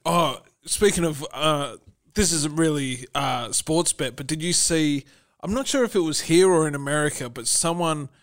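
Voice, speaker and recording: A young man bantering with a friend on a podcast. His voice sits fairly high for a man, and he makes wry, deadpan jokes with plenty of swearing. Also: normal speed. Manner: dry joking, sweary. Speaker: podcast co-host. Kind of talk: casual banter.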